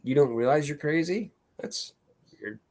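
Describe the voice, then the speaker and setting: A man's voice: fairly high pitch, expressive, unhurried, darkish tone. A man co-hosting a casual live-stream chat, telling long stories with lots of fillers and restarts. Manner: rambling storyteller with many fillers and restarts. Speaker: co-host.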